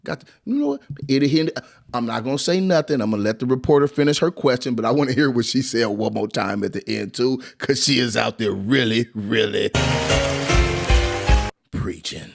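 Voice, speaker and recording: A man reacting to press conference footage in animated commentary, exclaiming and laughing as he talks. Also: medium pitch, moderate pace, gravelly, faint music behind. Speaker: commentary video host.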